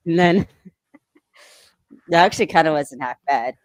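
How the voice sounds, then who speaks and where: A woman co-hosting a podcast, recapping an episode in rambling casual chat and acting out quoted lines, clearing her throat now and then. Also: low voice, takes it slowly, no echo. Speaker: podcast co-host.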